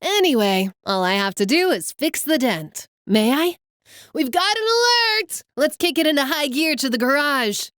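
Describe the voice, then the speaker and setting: A woman's voice: high voice, dry recording, clean studio sound, voice pushed up. A woman voicing an upbeat young female mechanic who rattles off technical jargon. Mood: eager. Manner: quick, eager, excitable.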